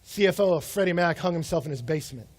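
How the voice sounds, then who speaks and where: Conversational high-voiced man preaching a sermon. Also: animated, quick pace. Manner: conversational preaching with acted-out quotes and rhetorical questions. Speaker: pastor.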